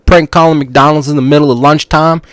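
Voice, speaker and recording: A man's voice: on the high side, steady tone, fairly quick, no room sound. Brief: male podcast host, loose goofy storytelling, dry close sound. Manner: goofy, rambling, restarts sentences. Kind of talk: casual storytelling monologue.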